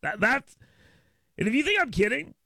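A man's voice: extremely high pitch, sing-song, moderate pace, vocal fry, bright, forceful tone, no room sound. An American man hosting a talk radio show, giving his opinions in a monologue. He stammers and restarts often, doubling the first words of his sentences. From United States.

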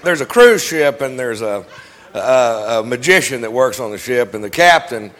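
A man's voice: mid-range voice, expressive, moderate pace, fairly bright tone. A man telling a joke to a group, rambling with hesitant fillers.

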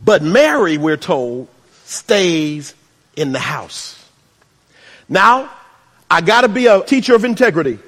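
A man preaching a sermon, swinging between shouts and hushed asides and adding humorous remarks. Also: sits high, sing-song, slow pace, long pauses. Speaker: pastor. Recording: reverberant hall.

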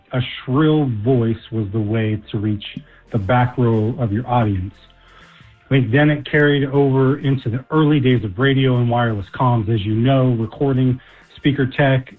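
A male caller on the phone line, explaining a theory in a steady way. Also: medium pitch.

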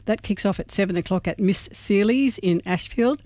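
A man's voice: high voice, moderate pace, darkish tone, no echo, clean studio sound. A man from Melbourne hosting a community radio show, chatting casually and reading out a gig guide with small slips. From Melbourne, Australia.

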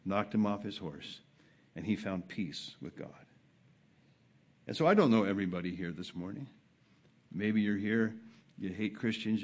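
A man preaching a sermon at a church service. He drops to a quiet, low murmur, then rises high and loud, and repeats words to drive each point home. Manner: impassioned preaching, swings from soft to loud, repeats phrases for emphasis. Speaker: pastor.

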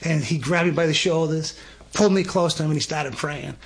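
A man's voice: a little high, fairly quick, husky. A man, a guest telling a personal story with lots of energy, stammering restarts and acted-out dialogue. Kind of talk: animated storytelling.

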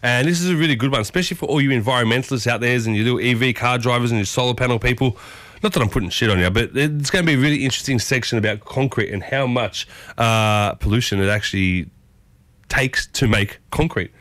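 An Australian man chats on his own morning radio show, upbeat and talkative, his voice leaping up high when he gets excited. His voice sits at a middle pitch. The studio sound is dry and close. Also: fast, dry recording. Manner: chatty, upbeat, excitable with sudden high bursts. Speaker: radio host. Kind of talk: solo morning radio chat. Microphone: studio microphone.

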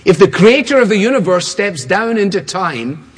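A man with a somewhat high, husky voice delivers a sermon, hammering points home through repetition. His words ring out with a long reverb, as in a large hall. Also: very animated, normal speed. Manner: emphatic, repetitive preaching cadence. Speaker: preacher.

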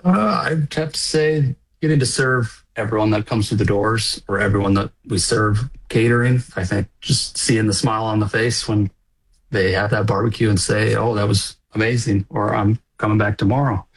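On a radio interview, a Minnesota restaurant owner answers in an easygoing, slightly halting way. His voice is lowish and husky, and the recording is rough.

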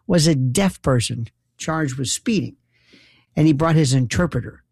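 A man's voice: mid-range voice, animated, moderate pace, gravelly, a little mellow, slightly rough, no room sound. A man, a former prosecutor, delivering a rambling, sarcastic comic monologue full of incredulous rhetorical questions. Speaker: talk show host, former prosecutor. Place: New York.

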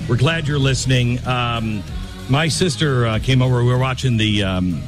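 Male radio host of middling pitch, casual rambling monologue, faint music underneath. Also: normal speed. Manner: chatty and rambling, with many ums and restarts. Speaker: radio talk show host.

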